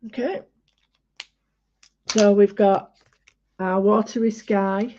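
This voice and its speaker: Woman, unhurried painting tutor, rambling and halting, dull lo-fi home recording. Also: medium pitch, fairly even intonation, mellow, slight background noise. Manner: chatty, halting, many fillers. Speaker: art tutorial host. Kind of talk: casual painting demonstration.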